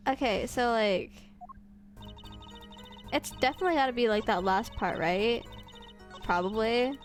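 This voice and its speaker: A woman's voice: a little high, a little slow, pauses often, soft background music. Woman in a put-on Valley Girl drawl. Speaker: streamer. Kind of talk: game playthrough, reading dialogue aloud.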